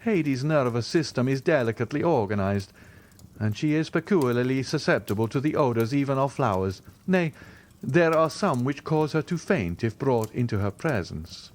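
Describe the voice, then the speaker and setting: Courtly mysterious count read by a guy, lively ups and downs, storybook. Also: mid-range voice, moderate pace, pitched above the performer's own voice, close to an everyday voice. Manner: formal, courtly phrasing. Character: suave, mysterious wealthy Count, courtly and composed.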